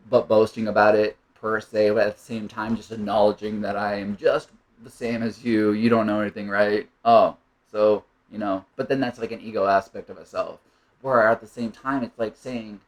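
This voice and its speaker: A man's voice: on the low side, steady tone, normal speed, poor audio. A man giving a reflective spoken monologue, rambling and musing, often checking in with "right?". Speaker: monologue speaker.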